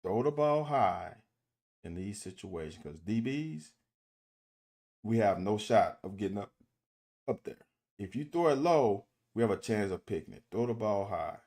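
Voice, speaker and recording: Animated man breaking down football film. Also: lowish voice, unhurried. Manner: animated, exasperated coaching critique with swearing; addresses viewers directly as "y'all". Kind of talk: casual game-film commentary.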